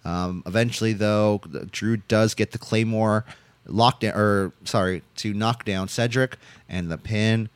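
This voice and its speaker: A man co-hosting a podcast, giving a rambling, animated wrestling recap full of fillers and swearing. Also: on the low side, unhurried, clear, resonant tone, no echo. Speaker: podcast co-host. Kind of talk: casual wrestling recap chat.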